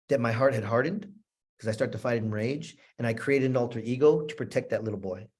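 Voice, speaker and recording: A man's voice: mid-range voice, a little fast, darkish tone, husky. A man speaking as a motivational speaker, telling a personal story to an audience in an earnest, repetitive, emotional way. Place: room with a live audience.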